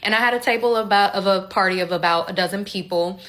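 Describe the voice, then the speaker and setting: A woman's voice: medium pitch, quick pace, fairly bright tone. A young woman casually telling a personal story, candid and conversational, acting out quoted dialogue as she goes.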